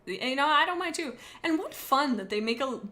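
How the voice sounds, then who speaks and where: A woman with a bright, sharp voice talks in a loose, joking way, rambling from one thought to the next. She chats casually with her stream audience as the host. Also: sits high, animated, normal speed. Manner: rambling and jokey, chatting to viewers. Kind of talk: casual live-stream chat.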